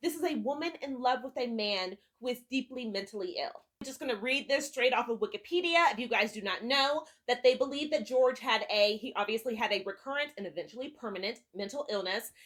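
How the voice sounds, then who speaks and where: A woman's voice: on the high side, fairly bright tone. A woman giving a candid, casual on-camera TV review as a vlogger, talking emphatically and swearing freely.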